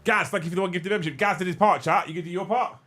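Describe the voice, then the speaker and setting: A man hosting a casual livestream, swearing freely, getting excitable and thanking viewers by name. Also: sits high, rapid-fire. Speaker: livestream host.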